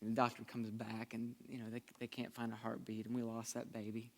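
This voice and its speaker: A pastor preaching a sermon in a conversational, earnest way, shifting between lively and hushed delivery. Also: male voice, mid-range voice, fairly quick, vocal fry.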